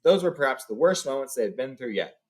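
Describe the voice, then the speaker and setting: A man's voice: medium pitch, animated, fast talker. Man reading a book aloud, casual asides. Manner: reads, then sums up casually with fillers. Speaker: reader. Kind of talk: book read-along with casual summaries.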